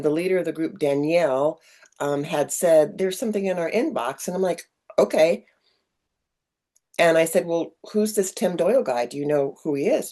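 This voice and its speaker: A middle-aged woman with a low, mellow voice leads a spiritual sharing session over a webcam. She rambles and digresses, filling pauses with ums. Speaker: workshop leader. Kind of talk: spiritual group talk.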